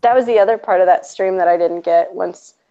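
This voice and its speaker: A woman hosts a stream, chatting casually with a sarcastic edge and laughing often. Her voice sits fairly low and has a gravelly, fry-heavy texture. The recording sounds dull and lo-fi. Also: fairly quick. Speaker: stream host. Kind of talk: casual chat. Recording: dull lo-fi audio.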